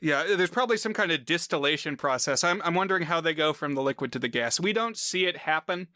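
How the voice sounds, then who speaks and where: A man's voice: a little high, lively intonation, quick pace, pushed and bright, dry recording, studio quality. A man chatting casually on a film podcast, explaining plot points in a rambling way with lots of fillers. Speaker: podcast co-host.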